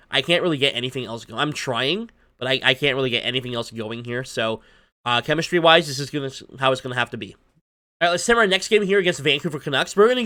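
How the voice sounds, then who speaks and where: A man talking casually over a hockey video game, chatty and self-deprecating, his voice a bit hoarse from long recording. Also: on the high side, bright, forceful tone. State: losing his voice, slightly hoarse. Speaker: gaming YouTuber. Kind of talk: casual gameplay commentary. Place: at his desk at home.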